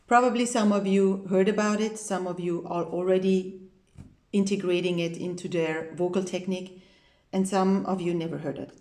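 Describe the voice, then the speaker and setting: Slow, emphatic woman vocal teacher, roomy echo. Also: darkish tone. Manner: emphatic, repeats key points, demonstrates with low creaky sounds. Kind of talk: spoken singing lesson to camera.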